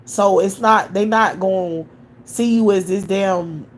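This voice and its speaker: Brief woman, livestream host, blunt and profane, scolds her viewers with rhetorical questions, mid-pitched voice. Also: a little slow, slight background noise. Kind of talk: ranting live commentary.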